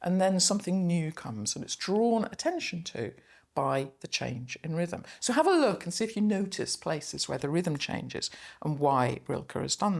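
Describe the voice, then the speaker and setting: A middle-aged woman lecturer talking through a poem reflectively, reading its German lines slowly aloud. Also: on the low side, creaky. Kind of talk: spoken poetry analysis lecture.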